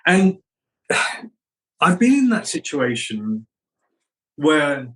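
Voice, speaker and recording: A man's voice: fairly high pitch, extremely slow, poor audio. Middle-aged male actor, interview guest, storyteller who acts out voices. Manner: animated anecdotes, acts out quoted voices.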